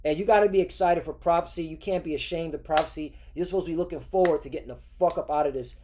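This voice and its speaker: A man's voice: on the high side, quick pace, noisy background. A man hosting a religious news commentary, ranting and swearing, constantly checking in with "all right?". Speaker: host.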